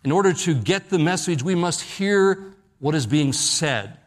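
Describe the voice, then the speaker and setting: Man preaching, voice dropping on key phrases. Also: animated. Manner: slows and drops low on key phrases. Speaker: pastor. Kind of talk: sermon. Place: church service at night.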